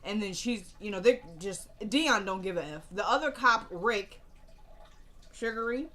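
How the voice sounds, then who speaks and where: A woman's voice: mid-range voice, animated, fairly bright tone. A woman recapping a TV episode in casual chat, chatty and opinionated, quoting the characters' lines and turning to her viewers with asides. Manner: chatty, acts out characters' lines in quick bursts.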